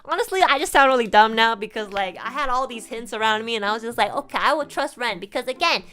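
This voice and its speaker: A woman streamer telling a story in a casual, animated chat, swearing freely and laughing as she goes. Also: fairly high pitch, fast talker, clean tone.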